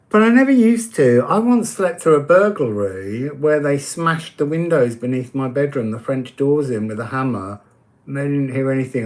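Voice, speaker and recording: In a casual live-stream chat, a man gives oracle card readings, talking easily, answering viewers' comments and laughing often. His voice is medium in pitch.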